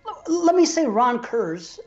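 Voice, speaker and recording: Excitable laughing male podcast host. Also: very high-pitched, measured pace, highs cut off, soft background music. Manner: excitable, laughs often, restarts. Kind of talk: casual chat.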